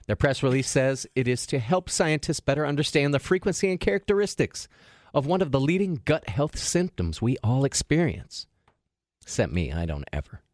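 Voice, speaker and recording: A man's voice: medium pitch, sing-song, normal speed, a little mellow, no echo. Dry-voiced joking radio host man. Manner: jokey, reads stories aloud with wisecracks. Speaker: radio morning show host. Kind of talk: casual radio banter, reading news items.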